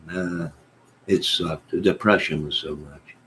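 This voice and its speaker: A man's voice: low voice, fairly even intonation, fairly bright tone, a little hiss or hum, rough recording. A man hosting a casual livestream, reading his chat and telling rambling, joking stories. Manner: rambling, joking storyteller with drawn-out asides. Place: at home in bed.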